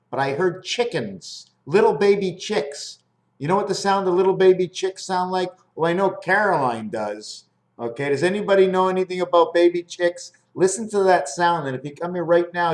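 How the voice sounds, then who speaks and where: A man with a slightly high voice rambles at home, near his fridge indoors, in a free-associating monologue about his designs, asking viewers questions as he goes.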